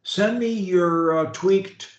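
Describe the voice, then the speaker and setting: A man's voice: sits high, slow, roomy sound, highs cut off. A male speech coach on a call, encouraging and emphatic.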